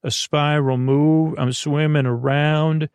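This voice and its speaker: A show-off young monk, as a man puts him on brags in a sing-song rhyme. The voice is gravelly and unhurried, a touch higher than plain talk. Close, dry storybook recording. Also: level tone, a little mellow, no room sound. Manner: boastful, sing-song rhyming. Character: show-off young male break-dancing monk.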